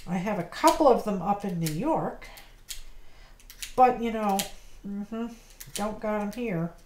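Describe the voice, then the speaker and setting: Slow, chatty woman hosting a craft livestream. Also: medium pitch, a little mellow, a little hiss or hum. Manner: chatty, greets viewers by name, apologetic about mispronouncing names. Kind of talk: chatty live craft demonstration. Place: home craft studio.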